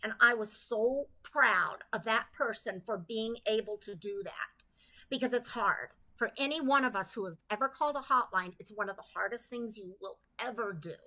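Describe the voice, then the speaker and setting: A woman's voice: on the high side, lively intonation, moderate pace, bright, forceful tone. A woman hosting a casual livestream, talking to her community in a chatty way and stopping to greet viewers by name. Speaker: livestream host.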